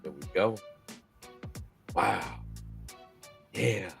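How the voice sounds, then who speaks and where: A man's voice: lowish voice, drawn-out words, gravelly, a bit bright, faint music behind. A man hosting a casual chat, speaking earnestly about scripture and faith. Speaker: host of a faith-based talk channel.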